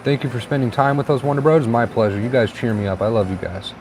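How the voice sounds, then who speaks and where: A man's voice: mid-range voice, quick pace. Male livestream host, easygoing and encouraging, faint traffic outside. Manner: relaxed, encouraging, reads viewer comments aloud. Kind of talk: casual live-stream chat reading comments.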